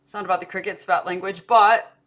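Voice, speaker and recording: A woman's voice: mid-range voice, fairly even intonation, very fast, a bit bright. A woman with an American accent touched by an Australian tinge, telling stories in a rambling casual chat as a podcast co-host. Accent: American with a slight Australian tinge. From United States. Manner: rambling, self-interrupting storyteller with fillers.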